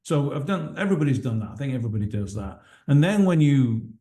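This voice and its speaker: An English man speaking over a video call, his voice mellow and relaxed. He talks in a chatty, self-deprecating way and explains at length. His pitch sits in the middle range. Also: quick pace. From England. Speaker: guest team owner.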